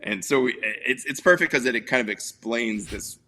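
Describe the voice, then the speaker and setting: A man's voice: medium pitch, moderate pace, pushed and bright, breathy edge. A man hosting a casual movie review podcast, telling stories in a rambling way with lots of fillers. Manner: rambling, filler-heavy storytelling. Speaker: podcast host.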